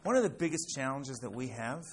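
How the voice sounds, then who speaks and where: A man's voice: medium pitch, lively intonation, fairly quick, a little hiss or hum. A middle-aged man teaching a class in a casual, chatty way, telling a story with lots of fillers and "right?" check-ins. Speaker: Torah teacher.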